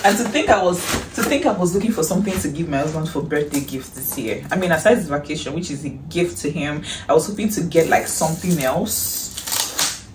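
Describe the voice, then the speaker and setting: A woman's voice: low-pitched, a little fast. Gushing Nigerian woman vlogging in an echoey room. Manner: excitable and gushing, with shrieks and breathy exclamations. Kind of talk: casual haul vlog chat. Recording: echoey room, distant mic, faint hiss.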